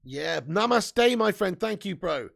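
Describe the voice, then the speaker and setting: A man hosts a live fan stream in a high voice with a heavy gravelly rasp. He chats loosely with his viewers, reads out their comments, laughs a lot and swears casually. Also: expressive, a little slow, a bit bright. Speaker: football fan channel host.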